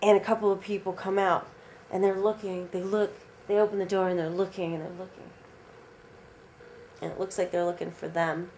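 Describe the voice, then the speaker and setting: Woman telling a vampire story off the cuff, animated, rambly, lots of fillers, faint noise behind. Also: medium pitch, brisk. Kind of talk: casual oral storytelling.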